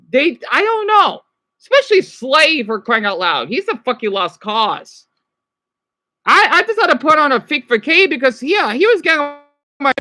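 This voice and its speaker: A man with a high, sharply bright voice rants agitatedly to a live stream audience. His pitch swings widely as he swears, trips over his words and snaps back at the chat. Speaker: livestreamer. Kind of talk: ranting live stream monologue.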